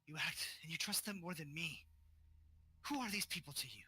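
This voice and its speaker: A man's voice: on the high side, expressive, moderate pace, sharp tone, breathy edge, no room sound, heavily acted. A man voicing a devoted elder guardian woman. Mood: pleading.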